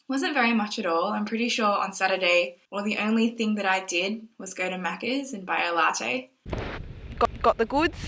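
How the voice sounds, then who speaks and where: A young adult woman, an exchange student, vlogs to camera in a mid-range voice that sounds pushed and bright. She rambles anxiously as she thinks aloud, sometimes tearful, in casual vlog talk. The recording is rough.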